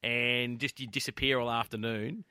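A man telling a nostalgic story with lively excitement in a casual chat. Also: mid-range voice, normal speed, clear, resonant tone, no echo.

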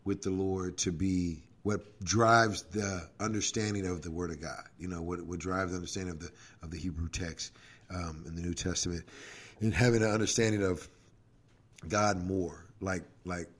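Man, pastor, casual faith podcast chat, lowish voice, lively storytelling. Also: moderate pace. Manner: animated, acts out quoted prayers, laughs often.

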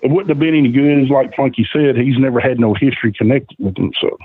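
Husky male guest explaining booking ideas over a phone-like, dry line. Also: mid-range voice, fast. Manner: explanatory, filler-heavy. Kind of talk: casual chat.

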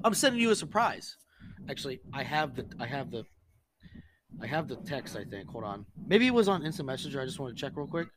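A man's voice: a little high, slight background noise. A man telling a long story to friends on a podcast, swearing freely and acting out the messages he quotes. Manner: profane, animated, acts out quoted texts. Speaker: podcast co-host. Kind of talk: casual storytelling among friends.

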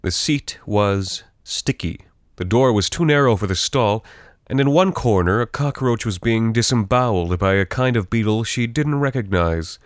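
A man narrating scripted fiction in a steady, even storytelling voice. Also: lowish voice, moderate pace, no echo, studio quality.

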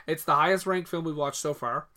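Young male co-host, even-toned, trivia-heavy and relaxed. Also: a little high, a little fast. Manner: matter-of-fact, lists facts with fillers. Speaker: podcast co-host. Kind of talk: casual film discussion podcast.

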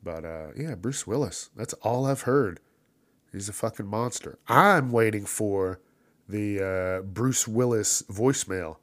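A man hosting a casual solo podcast, ranting profanely and laughing at his own jokes, with loud mocking put-on voices for the people he quotes. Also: fairly low pitch, a little slow, no room sound. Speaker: podcast host.

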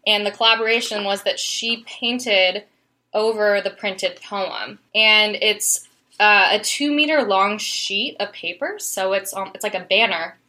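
A woman's voice: medium pitch, a little slow, pushed and bright. A woman in casual conversation, enthusiastically explaining an artist's work with many fillers and restarts. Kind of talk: casual chat about art history.

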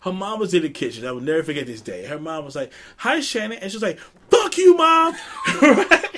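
A man telling stories in a casual podcast chat, animated, laughing often and mimicking voices. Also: fairly high pitch, fast talker. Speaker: storyteller in a group chat.

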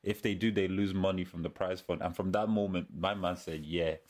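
A man's voice: low voice, fairly even intonation, fairly quick, darkish tone. A man, co-hosting a podcast in casual, teasing, slang-filled chat. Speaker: podcast co-host.

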